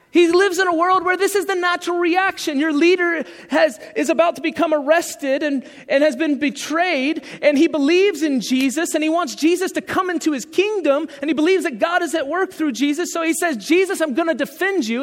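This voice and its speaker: A male pastor with a very high voice delivers a sermon in an easygoing, conversational style and keeps putting questions to his listeners. The voice rings out in a large church, with a long reverb trailing each line. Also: normal speed, fairly bright tone. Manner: conversational preaching with rhetorical questions.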